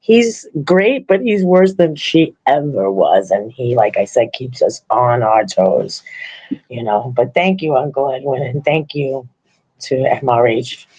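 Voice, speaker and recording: A woman's voice: rumbling low, expressive, unhurried, mellow, husky, low-quality recording. An older woman, a grandmother, hosting a podcast in loose, rambling casual chat, laughing often as she talks. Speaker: podcast host.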